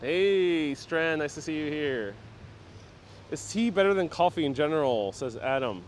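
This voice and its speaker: His voice sits a little high, with lively intonation and a slightly slow delivery, and there's a faint hiss or hum in the recording. He's a New Yorker running an outdoor walking-tour livestream, reading viewer comments aloud and answering them as he chats.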